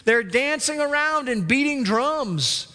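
High-voiced preacher in a reverberant hall. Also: male voice, slow. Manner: animated storytelling, mimics the speakers he quotes. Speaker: pastor. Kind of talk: sermon.

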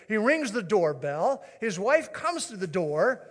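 A man with a high voice preaches a sermon in a casual, storytelling way. He coaxes replies from his listeners as he goes. A long reverb from the large church hall trails his words. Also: very animated, moderate pace, a bit bright. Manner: conversational, storytelling, coaxing the congregation. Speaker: pastor. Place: church sanctuary.

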